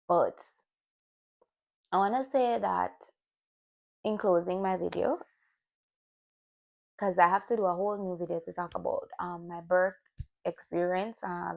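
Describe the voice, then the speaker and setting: Speaking a little slowly and pausing often, a young woman with Jamaican family roots reviews her year in a candid personal vlog. Her voice sits on the low side and is creaky, and she restarts as she reflects.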